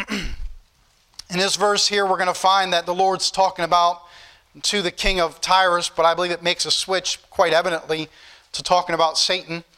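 A man's voice: high voice, little pitch movement, moderate pace, sharp tone, smooth. A man preaching a sermon, reading scripture aloud in King James wording and speaking directly to the congregation. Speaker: pastor.

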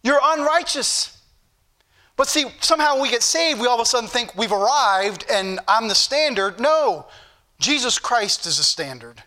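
A male preacher with a Southern US accent, reading scripture slowly and preaching with emphatic repetition to a church congregation. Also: extremely high pitch, lively intonation, bright, forceful tone. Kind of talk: sermon.

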